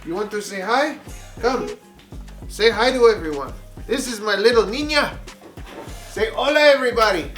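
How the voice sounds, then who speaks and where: A man's voice: high voice, expressive, moderate pace, long pauses, a bit bright, echoey room, soft background music. A man putting on a flamboyant mock-Spanish plant lover. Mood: playful. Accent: put-on Spanish. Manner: theatrical, doting on his plants. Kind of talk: comic vlog persona.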